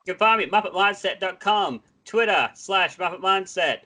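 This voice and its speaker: A man's voice: high voice, moderate pace, pushed and bright. A man, a podcast guest, chatting loosely and self-deprecatingly, jumping between thoughts. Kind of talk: casual chat.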